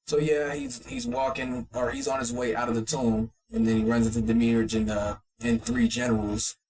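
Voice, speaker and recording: A man's voice: medium pitch, lively intonation, creaky, darkish tone, rough recording. Male podcast co-host, laid-back anime recap, chuckles, brief impressions. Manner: loose, laughing retelling with quick voiced impressions. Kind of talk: casual anime recap chat.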